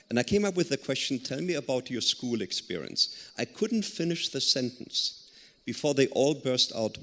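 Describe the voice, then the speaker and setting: A man's voice: medium pitch, bright, forceful tone. A man answering as a panelist, telling a story earnestly with some hesitant fillers. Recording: long hall reverb.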